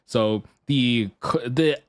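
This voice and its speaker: A man's voice: medium pitch, slow, no room sound. A man streaming casually as a VTuber. He swears, laughs often and rants half-jokingly. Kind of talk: casual live-stream chat.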